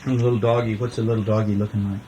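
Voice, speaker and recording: A man's voice: lowish voice, flat delivery, rapid-fire, background noise. A man reading a bedtime story aloud to a child, playful and sing-song, with chatty asides.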